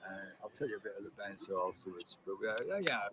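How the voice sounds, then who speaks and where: A man's voice: lowish voice, expressive, fast talker, background noise. A man, telling a rambling, chatty comedy anecdote over a video call. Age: 70s. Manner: rambling, chatty storyteller with restarts. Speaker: guest comedian.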